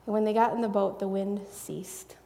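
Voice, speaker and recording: A woman's voice: medium pitch, steady tone, normal speed, creaky. A woman giving conversational Bible teaching in an earnest, chatty way, with a long echoing reverb around her voice. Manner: earnest, chatty, drops into soft hushed asides.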